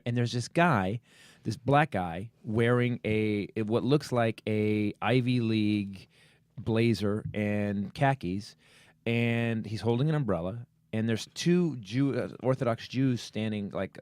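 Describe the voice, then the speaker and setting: A middle-aged man hosting a comedy podcast, telling stories in a lively way and acting out other people's lines. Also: fairly low pitch, moderate pace, dry recording. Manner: animated, acts out other people's voices, swears casually. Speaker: podcast host. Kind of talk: comedic storytelling chat. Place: podcast studio.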